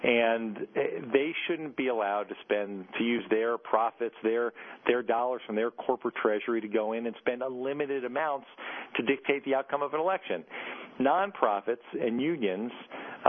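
Man talking over a tinny phone line. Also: medium pitch. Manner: hesitant, many restarts, earnest. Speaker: congressman guest. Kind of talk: radio interview answers.

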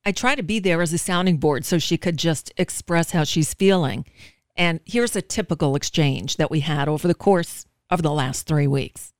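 A woman's voice: sits low, normal speed, no room sound, clean studio sound. A woman radio show host earnestly recounting a personal story in an emotional telling.

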